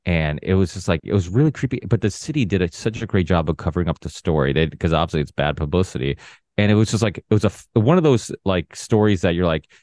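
A man's voice: low-pitched, animated, fast, a little mellow, no room sound. A man guesting on a podcast, chatting casually in a loose, self-correcting way. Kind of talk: casual conversation.

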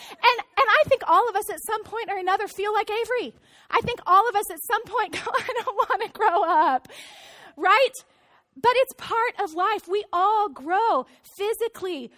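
A woman in her thirties, a pastor giving a sermon in a church, telling stories in a lively, conversational way. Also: very high-pitched. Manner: storytelling, animated, conversational. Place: church auditorium.

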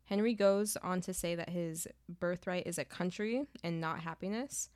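A woman's voice: on the low side, moderate pace, a little mellow, no room sound. Brief: woman co-host, book recap, candid and emphatic, close dry sound. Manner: emphatic, swears freely, laughs often. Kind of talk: casual book chat, summarizing the plot.

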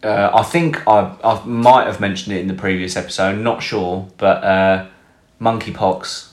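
A man's voice: lowish voice, steady tone, moderate pace. A man co-hosting a casual podcast, bantering wryly and swearing freely. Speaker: podcast co-host. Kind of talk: casual chat. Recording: echoey room.

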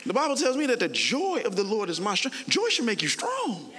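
A male pastor preaching a sermon in a playful, conversational, animated manner. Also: high-pitched, brisk, big-room sound.

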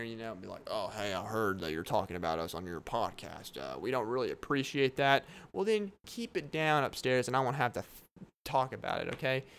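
Smooth-voiced young man rambling on a podcast. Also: medium pitch. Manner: rambling, animated storytelling with frequent laughs and fillers. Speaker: podcast host.

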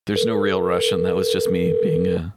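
A man's voice: low voice, level tone, moderate pace, very noisy. A man co-hosting a casual prank-call podcast, joking and rambling. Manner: joking, rambling, puts on silly voices. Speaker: podcast co-host.

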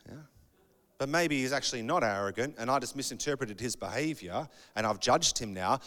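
A man preaching a sermon in a conversational, animated way, acting out bits of dialogue. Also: a little high. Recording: long hall reverb.

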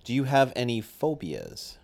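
A man's voice: mid-range voice, wildly swooping pitch, a little slow, gravelly, a little hiss or hum. A man hosting a podcast, asking questions in a joking, teasing casual chat. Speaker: podcast host.

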